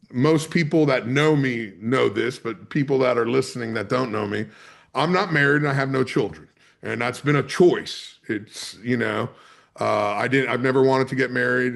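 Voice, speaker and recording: A charter captain from the US East Coast, a guest on a podcast, telling a story in a lively, salty way and acting out what people said. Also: male voice, medium pitch, creaky. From Maryland's Eastern Shore, USA. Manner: vivid storyteller, swears freely, acts out quotes. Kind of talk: conversational storytelling.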